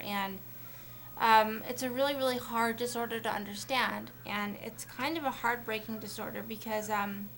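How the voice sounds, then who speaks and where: A woman's voice: medium pitch, sharp tone, slight background noise. A young woman talking casually to camera on a shared vlog channel, rambling with many fillers and restarts. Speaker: vlogger on a collab channel.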